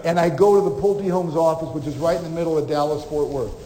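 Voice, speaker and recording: Male keynote speaker, animated storyteller who plays out dialogue; mellow tone, reverberant hall. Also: fairly high pitch, quick pace. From Omaha, Nebraska. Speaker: motivational speaker. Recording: reverberant hall with faint noise.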